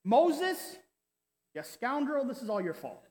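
A man's voice: very high-pitched, sing-song, slow pace, a little mellow, heavily acted. A man voicing a whining, ungrateful ancient Israelite, complaining in an exaggerated mock-whiny way. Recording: roomy hall with long reverb.

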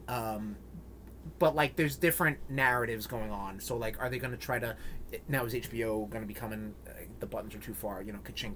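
A man's voice: medium pitch, a bit bright, a little hiss or hum. A man co-hosting a podcast in casual chat, rambling and joking with many fillers. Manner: rambling, jokey, lots of fillers. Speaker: podcast co-host.

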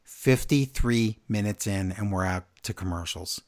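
A man co-hosting a podcast, recapping a wrestling show in casual, animated chat from his notes. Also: fairly low pitch, measured pace. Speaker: podcast co-host.

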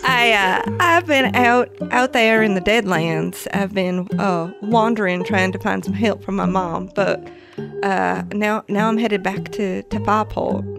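A woman voices her traveling character at a tabletop game session, chatty and quick to laugh. Her voice has a creaky, gravelly edge, with faint music playing behind. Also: mid-range voice. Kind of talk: in-character role-play.

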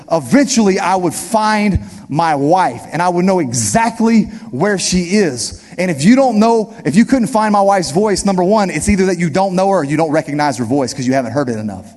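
The preacher here is a man whose high-pitched voice carries a darkish tone. Speaking directly to the crowd, he delivers his sermon forcefully and repeats key phrases, all within a long, reverberant hall.

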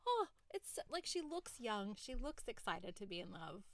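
A woman co-hosting a casual film discussion. She talks in an animated way, with laughter and quick asides. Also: medium pitch, dry recording. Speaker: podcast co-host.

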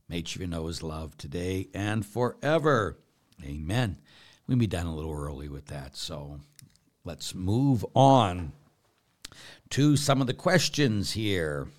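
An older man, a priest, answering viewer questions live, hushed and slow in reflection, then animated and laughing as he tells stories. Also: sits low, creaky. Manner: animated, laughs and gets loud telling stories. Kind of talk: live Q&A, reading viewer comments.

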